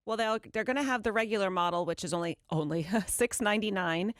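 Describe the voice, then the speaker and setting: A woman co-hosting a morning radio show, reading news items in a brisk, chatty way from a studio microphone. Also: medium pitch, a bit bright, dry recording. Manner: brisk newsy delivery, quick laughs. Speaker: radio co-host.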